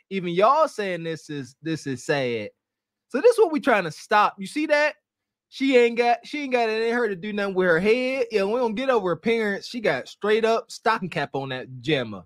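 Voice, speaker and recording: A man co-hosting a reaction podcast, talking in an animated, slangy way and mimicking the people he reacts to. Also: sits high, no room sound, studio quality. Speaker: podcast co-host. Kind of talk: casual reaction commentary.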